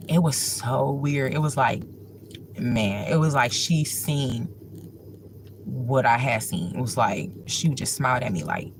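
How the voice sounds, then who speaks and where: A woman's voice: very deep voice, background noise. A woman hosting a livestream, telling a personal story at home in a rambling way, full of filler words. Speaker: livestream host.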